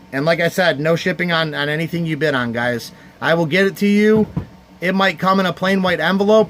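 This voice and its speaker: A man's voice: fairly high pitch, a bit bright, a little hiss or hum. A man from the Cleveland area hosting a casual livestream charity card auction, heartfelt and rambling as he thanks viewers by name. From Cleveland area, United States.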